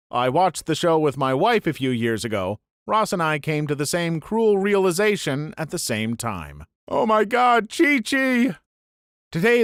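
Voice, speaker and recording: Male narrator for internet story reads, fairly high voice, animated delivery, dry close sound. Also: no room sound. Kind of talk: scripted narration of internet stories.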